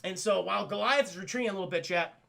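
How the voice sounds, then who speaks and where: Guy streamer recapping a cartoon to chat, swears constantly, high bright voice with gravel in it. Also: fast. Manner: excitable, swears a lot, addresses chat. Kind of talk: casual, profane episode recap.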